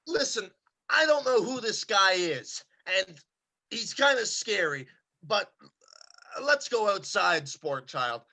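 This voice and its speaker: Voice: medium pitch, big pitch swings, slow pace, pushed and bright, exaggerated voice. An actor playing a sports-obsessed suburban dad in an amateur comedy sketch, with a brash, bossy coaching tone. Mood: coaxing. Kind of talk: amateur comedy sketch over video call.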